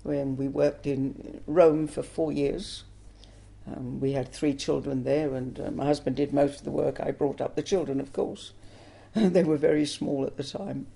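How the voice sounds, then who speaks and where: Older woman with a gravelly voice. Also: rumbling low, fairly even intonation, measured pace, mellow. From England. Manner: earnest, emotional storytelling. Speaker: interviewee. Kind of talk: personal testimony interview.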